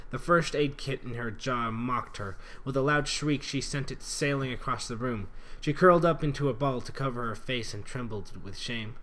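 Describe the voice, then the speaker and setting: A man's voice: mid-range voice, moderate pace, few pauses, a bit bright. A man reading fan fiction aloud in an earnest, dramatic way, stumbling over words and rereading lines. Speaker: reader.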